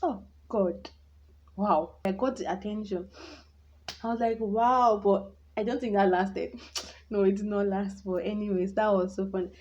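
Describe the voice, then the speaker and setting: A woman's voice: mid-range voice, dark tone. A young woman telling her own life story in a vlog, candid and reflective, rambling with many restarts. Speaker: vlogger. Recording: dull lo-fi sound.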